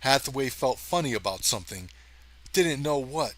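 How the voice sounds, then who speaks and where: Lively man reading a story aloud. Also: medium pitch, normal speed. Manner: lively, chatty, talks to listeners directly. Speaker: audiobook reader. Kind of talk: dramatic story narration with casual asides.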